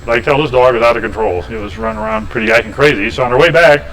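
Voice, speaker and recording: A man's voice: medium pitch, animated, racing, gravelly, fairly bright tone, poor audio. A man in a woodshop, demonstrating woodturning and telling rambling, folksy anecdotes with chuckles. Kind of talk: casual storytelling during a lathe demo. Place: woodshop, indoors.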